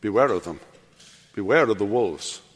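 An older man preaching a sermon as pastor, swinging from loud, animated passages to hushed, quiet endings. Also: lowish voice, moderate pace, husky, long reverb tail. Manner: animated preaching, rising loud then dropping to hush. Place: church sanctuary.

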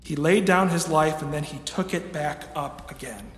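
A pastor in his thirties delivering a sermon in a church, preaching emphatically and swinging from soft, quiet passages to raised, ringing emphasis. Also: fairly high pitch, normal speed. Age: 30s. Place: church sanctuary with a screen. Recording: echoey hall with long reverb.

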